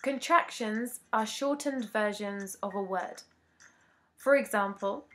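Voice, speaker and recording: A woman who teaches English reads out a grammar lesson slowly and without hurry. Her voice is middle-pitched, and she presents each rule and example in a measured, deliberate way.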